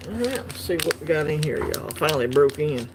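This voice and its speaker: A man's voice: a little high, big pitch swings, brisk, noisy background. Laid-back man unboxing. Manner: laid-back, chatty, laughs easily. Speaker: coin collecting channel host. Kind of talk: casual unboxing livestream.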